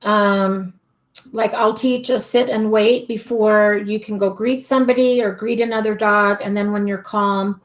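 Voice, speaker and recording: A woman's voice: medium pitch, fairly even intonation, measured pace, low-quality recording. A woman dog trainer answering viewer questions on a live stream, chatty and full of ums, acting out what a dog thinks. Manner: chatty, many ums and restarts, acts out the dog's thoughts. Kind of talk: live-stream Q&A, casual explaining. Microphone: webcam or desk mic on a live stream.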